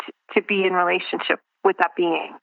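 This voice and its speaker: A woman's voice: on the low side, little pitch movement, fairly quick, vocal fry, no echo. Reflective woman on a tinny phone line. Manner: reflective, searching for words, many restarts. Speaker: guest. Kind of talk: casual interview over the phone.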